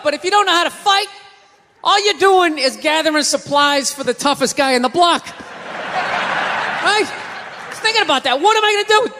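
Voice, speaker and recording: A male stand-up comic ranting in an explosive, shouting delivery, with a high voice and a bright, forceful edge. The sound carries a long reverb from a live venue, with a faint hum of ambience underneath. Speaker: stand-up comedian. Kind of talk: stand-up comedy.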